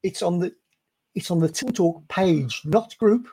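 Guy co-host, higher voice but gravelly and husky, dry studio. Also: normal speed, warm tone, no echo. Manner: short agreeing replies, joking. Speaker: podcast co-host. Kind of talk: casual football podcast chat. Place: small studio.

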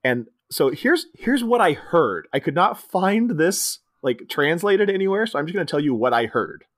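A man co-hosting a podcast and recapping a movie in a casual, chatty way. His voice sits a little higher than average and swings widely in pitch, and he slips quoted lines into an animated retelling. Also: moderate pace, no echo, clean studio sound. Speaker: podcast co-host. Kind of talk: casual film recap chat.

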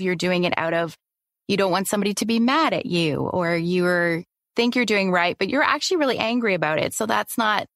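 A woman's voice: on the low side, fairly bright tone, no room sound. Laughing woman, coaching client, dry sound. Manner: open, self-reflective, laughs often. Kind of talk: casual chat.

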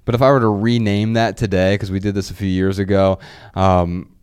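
A man's voice: low voice, level tone, a little fast, darkish tone, clean tone. A man co-hosting a podcast, chatting casually and rambling, often restarting his phrases. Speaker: podcast co-host.

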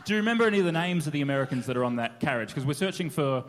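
A man hosting a comedy quiz panel on stage, reading questions and teasing the panel. His pitch sits a bit high and bounces widely. The sound carries a long hall reverb. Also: lively intonation, racing, background noise. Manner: playful, laughing often. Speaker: quiz host.

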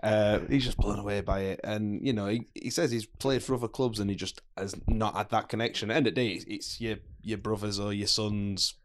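A man's voice: fairly low pitch, steady tone, a little fast, few pauses. A man with a Yorkshire accent, co-hosting a football podcast in casual chat and laughing often as he tells stories. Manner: laughs often, chatty storytelling. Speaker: podcast co-host.

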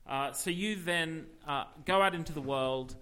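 A man co-hosting a casual podcast, telling rambling, animated stories with plenty of fillers. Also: fairly high pitch, moderate pace, clear, resonant tone. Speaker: podcast co-host. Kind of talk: casual chat about video games.

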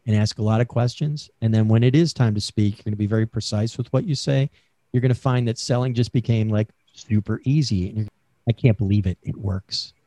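A man's voice: medium pitch, fast, warm tone, dry recording. A man being interviewed about selling, talking in a chatty coaching way with many fillers over a remote call mic. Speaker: sales expert guest.

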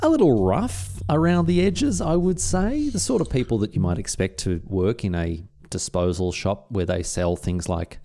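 A man's voice: lowish voice, expressive, moderate pace, few pauses, mellow. A man co-hosting a podcast, telling rambling stories in a casual chat and slipping into playful put-on voices. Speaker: podcast co-host.

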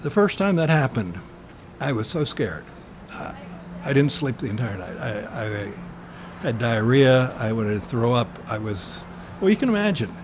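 An older man recalls his past slowly and earnestly, pausing often and filling gaps with small hesitations. His voice sits at an ordinary middle pitch. A faint hiss of noise sits behind it. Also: big pitch swings. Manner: earnest, reflective storytelling with frequent pauses and fillers. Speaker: interviewee. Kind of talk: oral history interview.

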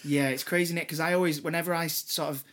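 British bloke chatting away, lots of ums, kinda high voice. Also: male voice, fairly even intonation, very fast, a bit bright. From Britain. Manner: chatty, lots of restarts and fillers. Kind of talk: casual chat.

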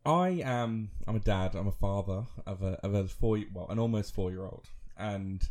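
A man in his thirties co-hosting a casual podcast. His voice sits a little low, and he rambles and restarts, laughing at himself as he tells a story. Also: moderate pace, darkish tone. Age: 30s. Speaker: podcast co-host. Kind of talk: casual chat.

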